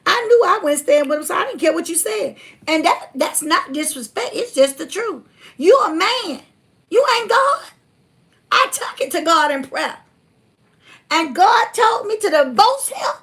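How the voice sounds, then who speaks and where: A woman hosting a livestream, talking bluntly and fiery, reading viewer comments and swinging from loud to hushed. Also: extremely high pitch, animated, moderate pace, vocal fry. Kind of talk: casual preachy livestream talk.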